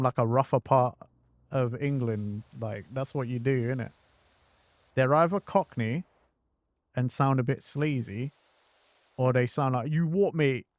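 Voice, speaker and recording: A man streaming a game and chatting in a slow, unhurried drawl, rambling with plenty of fillers. His voice sits at a middle pitch, dry and close to the mic. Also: no room sound. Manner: rambling, full of fillers, slips into mock accents. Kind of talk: casual chat while gaming.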